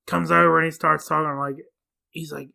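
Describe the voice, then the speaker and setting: A man's voice: fairly high pitch, brisk, gravelly, crowd noise. A man in his thirties co-hosting a podcast, talking casually through a movie's plot and correcting details. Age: 30s. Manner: relaxed, corrects details, quotes film lines. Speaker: podcast co-host. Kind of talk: casual film recap chat.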